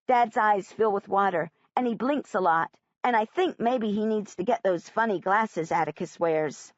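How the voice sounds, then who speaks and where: A woman narrating a first-person audiobook in an expressive, plain-spoken way. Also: medium pitch, moderate pace, hardly any pauses, dry recording. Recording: dry, slightly muffled audiobook recording.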